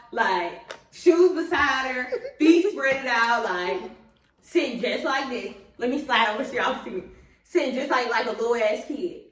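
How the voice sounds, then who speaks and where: A young woman casually telling a story at home, animated and laughing, acting out what others said. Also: fairly high pitch, distant mic. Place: room at home while getting her hair done. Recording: roomy, off-mic, faint hiss.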